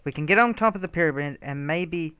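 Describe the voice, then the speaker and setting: A man's voice: a little high, fairly quick, sharp tone, clear, resonant tone, no room sound. A young man chatting casually while gaming, mostly mumbly and wry, with sudden laughing outbursts. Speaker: gamer. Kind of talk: casual gameplay chat.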